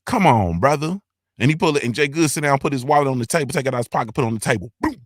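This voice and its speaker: A male host doing casual livestream shout-outs in a loud, hyped, sing-song roll call full of slang. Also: mid-range voice, rapid-fire, no echo, studio quality.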